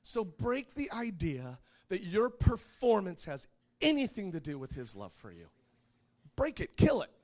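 A middle-aged man preaching a sermon, telling a personal story in an animated way and laughing often. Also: high voice, measured pace.

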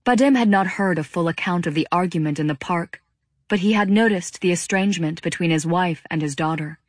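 A woman narrating an audiobook with a steady, even reading. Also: lowish voice, fairly quick, no echo, studio quality. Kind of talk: scripted narration.

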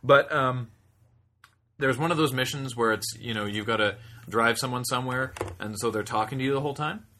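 A man's voice: mid-range voice, a little fast, pushed and bright. A young man co-hosting a podcast, telling stories in casual chat with rambling laughing asides. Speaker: podcast co-host.

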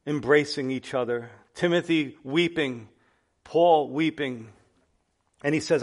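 Pastor guy preaching hard, a bit high voice, goes soft then loud. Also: takes it slowly. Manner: impassioned preaching, swinging between hushed and loud. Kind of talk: sermon.

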